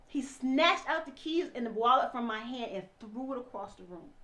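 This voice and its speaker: A high-pitched woman tells her own story in tears. She swings between near-whispers and loud, forceful outbursts, and her voice stays raw and impassioned throughout. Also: normal speed, few pauses. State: crying. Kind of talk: emotional personal testimony.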